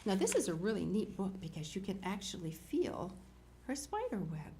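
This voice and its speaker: An older woman hosting a children's show, reading a picture book aloud and chatting warmly to young viewers. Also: mid-range voice, moderate pace, a little hiss or hum. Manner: animated, storytelling, talks to young viewers. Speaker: children's TV host.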